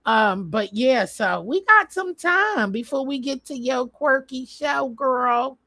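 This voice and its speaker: Slow-talking chatty woman, dry sound. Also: high-pitched, animated, bright, forceful tone, no room sound. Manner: chatty, rambling, lots of fillers. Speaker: vlogger. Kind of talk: casual live stream chat. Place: home.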